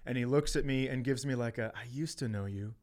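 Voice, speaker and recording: A man's voice: medium pitch, brisk, a little mellow. A middle-aged man on a podcast, telling a story with plenty of swearing and acted-out quotes. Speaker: podcast co-host. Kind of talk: casual storytelling chat.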